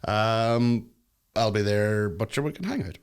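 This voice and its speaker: A man's voice: fairly low pitch, expressive, measured pace, smooth. A young man co-hosting a podcast, joking, swearing and reading out listener questions. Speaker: podcast co-host. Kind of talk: casual chat.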